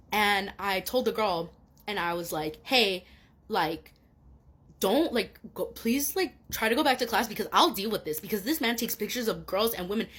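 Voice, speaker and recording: A young woman telling a story straight to her viewers in a loose, rambling way. She leans on fillers and curse words and gets heated as she goes, with her voice sitting in the middle of the usual range for a woman. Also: mid-range voice. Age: young adult. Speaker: student. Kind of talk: casual storytime to camera.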